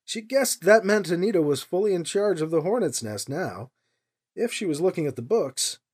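A woman narrating a novel as an audiobook, with expressive storytelling. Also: fairly low pitch, moderate pace, husky. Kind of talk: scripted narration.

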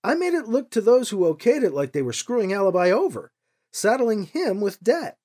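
Woman doing a prickly soldier woman, terse and defensive, husky voice. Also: mid-range voice, sing-song, moderate pace, dark tone, pitched above the performer's own voice. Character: blunt, prickly woman soldier and business manager.

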